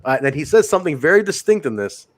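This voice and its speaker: A man's voice: a little high, sing-song, fast. A man hosting a wrestling podcast, chatting casually, swearing now and then and reading viewer comments aloud. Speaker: podcast host.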